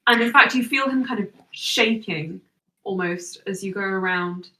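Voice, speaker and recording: A woman narrating a tabletop game as game master, with playful, quick narration. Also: medium pitch, bright, forceful tone, recorded from a distance. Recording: echoey room, voice from off-mic.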